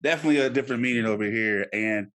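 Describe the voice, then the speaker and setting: A man in his thirties hosting a casual podcast interview, animated and laughing, often repeating words as he talks. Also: mid-range voice, racing. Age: 30s. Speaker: podcast host.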